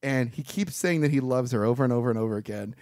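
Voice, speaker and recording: A man's voice: medium pitch, fast talker, a little mellow, no room sound, studio quality. A man co-hosting a podcast, casually recapping a bad movie's plot and laughing often. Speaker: podcast co-host.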